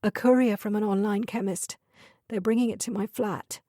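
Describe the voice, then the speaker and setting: A woman's voice: medium pitch, steady tone, moderate pace, mellow, no echo, clean studio sound, natural voice. A woman narrator voicing a distressed young woman whose clipped words give way to tears in an audiobook. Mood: distraught. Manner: clipped, then breaking into sobs.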